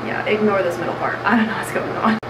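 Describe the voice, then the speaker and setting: A woman's voice: mid-range voice, fairly even intonation, quick pace, heavy background noise. A young woman in a casual vlog, talking in an anxious, rambling way with lots of fillers. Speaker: vlogger.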